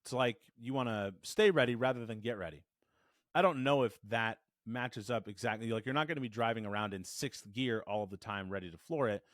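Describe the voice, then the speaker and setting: A man teaching a voice lesson to camera, animated and demonstrative, shifting his resonance to show the difference. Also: medium pitch, brisk, no room sound, clean studio sound. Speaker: voice coach. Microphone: studio microphone.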